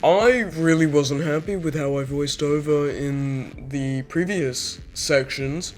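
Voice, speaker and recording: A man's voice: fairly high pitch, takes it slowly, a little mellow. A man giving a rambling, jokey voice-over commentary as he narrates his drawing video, often cutting himself off mid-sentence. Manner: rambling, jokey, self-interrupting. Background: faint background music.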